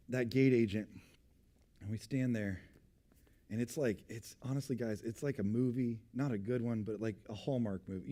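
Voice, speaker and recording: A young pastor spins a comic story from the pulpit, switching into voices for everyone he meets and dropping to a near hush for suspense. His voice is a little high for a man, with a mellow, relaxed tone. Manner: animated storyteller, acting out voices, drops to a hushed tone for suspense. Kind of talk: storytelling sermon.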